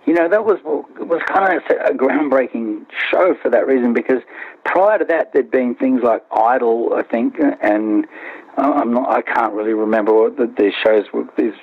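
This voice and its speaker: A man's voice: mid-range voice, moderate pace, no room sound. A man being interviewed about his band, rambling with lots of restarts and "you know"s. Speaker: band member, interview guest. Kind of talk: remote interview, casual recollection. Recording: dry, tinny phone-line sound.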